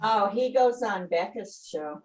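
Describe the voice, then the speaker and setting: A woman chatting on a video call and chipping in with lively questions. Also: mid-range voice, measured pace. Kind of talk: casual chat. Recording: echoey room, distant from the mic, with noticeable noise.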